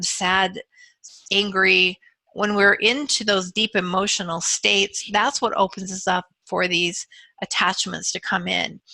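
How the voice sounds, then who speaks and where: A woman who works as a soul regression practitioner, talking earnestly and gently to her viewers with frequent fillers. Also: mid-range voice, gravelly, dry recording. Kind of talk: casual talk to camera.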